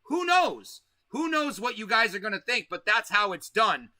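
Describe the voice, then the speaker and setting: A man's voice: high-pitched, sing-song, normal speed, bright, forceful tone, dry recording. A man hosting a casual livestream, talking loosely with slang and swearing and stretching out words for emphasis. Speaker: host.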